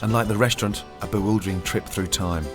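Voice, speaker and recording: Brief: man, low voice, wry scripted narration, heavy music bed. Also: fairly even intonation, fast talker. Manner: dry, wry.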